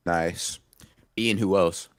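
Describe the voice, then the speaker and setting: A man's voice: low voice, steady tone, slow, dry recording. A man co-hosting a casual live-streamed podcast, making dry, teasing remarks. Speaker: podcast co-host.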